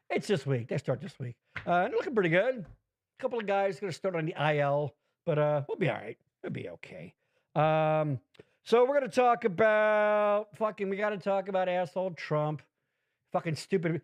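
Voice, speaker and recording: A man hosting a podcast, rambling in casual profane chat with big swings in pitch. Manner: rambling, swears constantly, animated swings in pitch. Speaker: podcast host.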